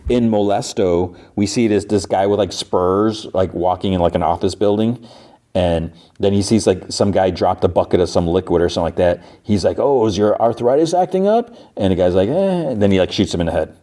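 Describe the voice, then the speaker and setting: A man's voice: low-pitched, steady tone, fairly quick, mellow. A man hosting a podcast, casually retelling a TV episode in a rambling way, full of fillers like "like" and "you know.". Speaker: podcast host. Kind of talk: casual show recap.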